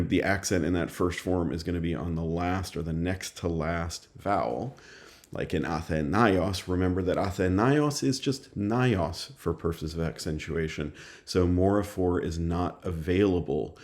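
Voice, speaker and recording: A man's voice: low voice, darkish tone. A man teaching a recorded lesson, explaining step by step in a patient, methodical way with frequent small fillers. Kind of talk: recorded lecture.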